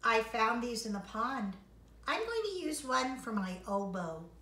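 A woman's voice: a little high, sing-song, unhurried, pushed and bright, full character voice. A woman doing a storybook duck. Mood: matter-of-fact. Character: matter-of-fact male duck oboist. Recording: roomy, distant mic.

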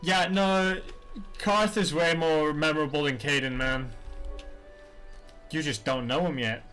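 High-voiced man streaming a game. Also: steady tone, unhurried, sharp tone, clean tone, faint music behind. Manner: swears often, chatty, talks back at the game. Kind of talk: casual gameplay commentary.

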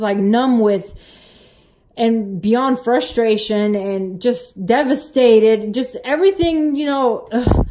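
A woman's voice: on the high side, mellow. A woman vlogger sharing a personal testimony in a casual, rambling way, full of restarts, and earnest and emotional as she retells it.

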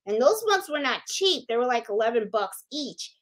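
A woman's voice: on the high side, big pitch swings, normal speed. A woman from Puerto Rico hosting a casual crafting livestream, chatting, thinking aloud and greeting viewers by name. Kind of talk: casual live-stream chat.

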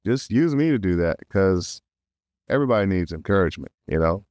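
Animated man telling stories, dry sound. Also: on the low side, fairly quick, no echo. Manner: animated, laughs often, acts out quotes. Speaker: voice actor guest. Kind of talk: casual interview storytelling.

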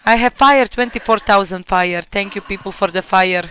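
A woman's voice: mid-range voice, normal speed, fairly bright tone, slight background noise. A tipsy woman with a Croatian accent streams a shooter game, chatting playfully with teammates and laughing constantly. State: tipsy from drinking. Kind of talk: live gaming stream chat.

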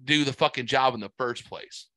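A man's voice: mid-range voice, normal speed, bright, forceful tone, dry recording. A man hosting a podcast, ranting angrily and cursing constantly in casual chat. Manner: profane angry ranting. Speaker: podcast host.

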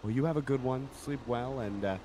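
A man's voice: medium pitch, a little fast, background noise. A man in a gaming roleplay, easygoing and friendly.

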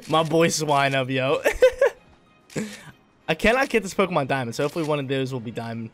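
A man's voice: on the high side, animated, moderate pace, soft background music. A man giving casual, hyped gameplay commentary, talking in slang and laughing often.

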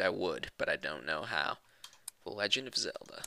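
A man giving loud, goofy running commentary over a video game, swinging between squeals and low mutters. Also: moderate pace, clean tone, dry recording. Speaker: gaming let's-player. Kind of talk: loud comedic gameplay commentary.

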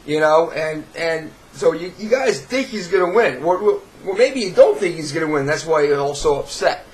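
High-voiced New York guy, swearing and sarcastic, rambling vlog rant. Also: lively intonation, normal speed, low-quality recording. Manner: profane, sarcastic, rambling with repeated restarts. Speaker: video blogger. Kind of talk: ranting to camera.

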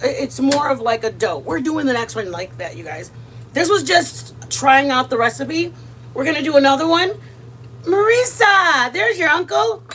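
A woman's voice: high voice, fairly bright tone, a little hiss or hum. A middle-aged woman chatting casually and rambling as she cooks on a livestream, greeting viewers by name. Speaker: livestream cooking host. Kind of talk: casual live cooking chat.

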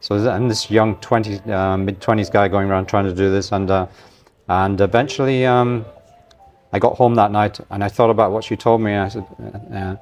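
A man in his sixties with a light Scottish accent worn down by travel, telling a long story in a relaxed way and acting out what other people said. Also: on the low side, normal speed. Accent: light Scottish, softened by travel. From Scotland. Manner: relaxed anecdotal storyteller, acts out the voices of others. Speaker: podcast guest. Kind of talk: long-form storytelling interview.

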